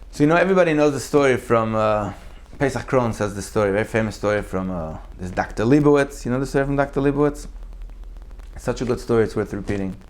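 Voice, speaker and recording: A man delivers a sermon as a storyteller. His voice climbs and falls sharply as he acts out the people in his stories, then drops low and quiet at the tender moments. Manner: animated, acts out quotes with big pitch jumps. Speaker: rabbi giving a Torah class.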